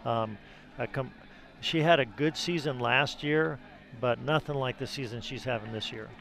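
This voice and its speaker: A man's voice: medium pitch, normal speed, creaky, fairly bright tone. Hesitant male color commentator. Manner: hesitant, filler-heavy. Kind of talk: sports commentary.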